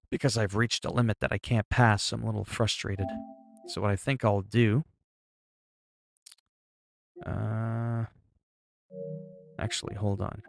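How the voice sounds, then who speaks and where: A man's voice: fairly low pitch, vocal fry. A man chatting casually on a livestream, reacting to chat messages and exclaiming as he talks.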